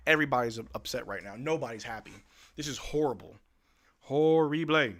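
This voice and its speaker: A man's voice: mid-range voice, quick pace, sharp tone. A male live-stream host giving casual fan play-by-play commentary in a blunt, exasperated, slangy way.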